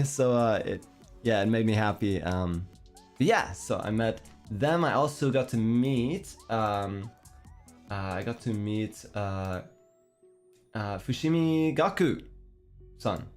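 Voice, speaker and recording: Young adult Canadian man, streamer, hesitant rambling chat, lower register. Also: expressive, a little slow. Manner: meandering, hesitant, self-deprecating. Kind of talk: casual chat. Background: faint background music.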